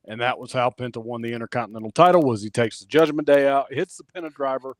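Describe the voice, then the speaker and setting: A man's voice: medium pitch, fast talker, dry recording. Man animatedly recapping wrestling. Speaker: wrestling podcast co-host. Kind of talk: casual chat.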